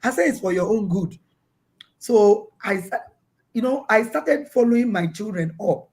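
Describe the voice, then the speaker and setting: Woman guest on a remote call, animated storyteller, stumbles and repeats words, plays her children's lines. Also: medium pitch, a little slow. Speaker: guest parent. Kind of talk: casual storytelling interview. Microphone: video call.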